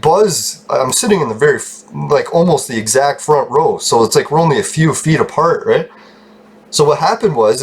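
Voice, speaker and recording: A man telling a long rambling story in a casual vlog, swearing freely, getting excited and laughing often. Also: medium pitch, slightly rough. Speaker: channel host telling a story.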